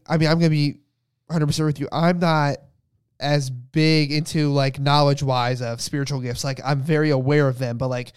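A man's voice: fairly high pitch, smooth, no room sound, studio quality. A young man co-hosting a casual faith podcast, telling a personal story with lots of restarts. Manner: rambling storyteller with many restarts. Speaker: podcast co-host.

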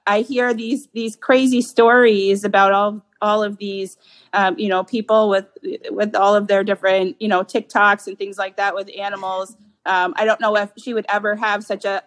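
A woman's voice: medium pitch, little pitch movement, normal speed, rough recording. A woman talking about her dog as a guest, chatty and rambling, with lots of fillers. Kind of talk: casual interview chat.

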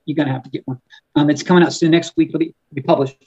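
A man, an author and guest on a podcast, talking in a fervent preaching style, often repeating words and slowing down on key words. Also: a little high, steady tone, darkish tone, husky, dull audio. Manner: fervent and emphatic, stretching key words slowly; frequent stumbles and repeated words. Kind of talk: preaching-style conversational talk.

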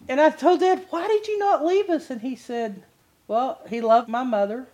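An older woman teaching from the Bible in a sermon style, weaving a personal testimony into the lesson. She tells it in a lively, animated way, laughing often, in a voice that sits a little above the usual pitch for a woman. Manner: animated storytelling with frequent laughs.

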